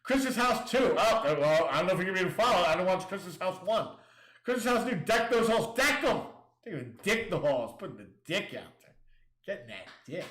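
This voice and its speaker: A man's voice: sits high, very animated, fairly quick, fairly bright tone. Sarcastic man ranting in an echoey room. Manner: sarcastic, crude, mocking; reads listings aloud then riffs. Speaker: show host. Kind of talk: casual livestream rant.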